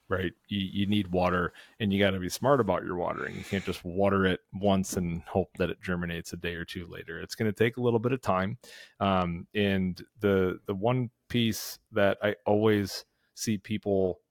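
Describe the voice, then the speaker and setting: Low-pitched male host, conversational advice with frequent restarts, dry close mic. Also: no echo. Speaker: podcast host. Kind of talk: casual how-to chat.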